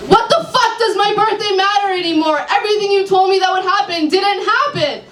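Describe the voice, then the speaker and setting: A woman doing a shrill, frantic client. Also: brisk, a bit bright. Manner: shrill, pleading, exasperated. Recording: echoey room, far mic, faint hum.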